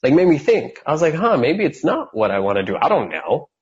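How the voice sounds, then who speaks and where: A man's voice: on the high side, a little fast, slightly rough, highs cut off. A man in his thirties from California, a podcast guest telling his story with lots of energy and acting out the voices of the people in it. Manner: animated storyteller who acts out quoted voices.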